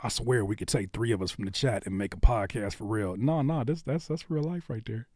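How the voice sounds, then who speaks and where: A man's voice: lowish voice, a little fast, a little mellow, dry recording, studio quality. A man hosting a live music reaction stream, bantering and teasing his chat viewers. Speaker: livestream host reacting to music.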